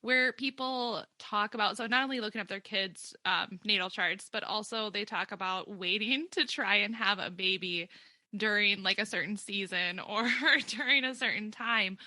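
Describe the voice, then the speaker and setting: Bright-voiced chatty woman host. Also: medium pitch, moderate pace, no room sound. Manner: chatty and rambling, with frequent fillers and laughs. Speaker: podcast host. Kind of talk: casual interview chat.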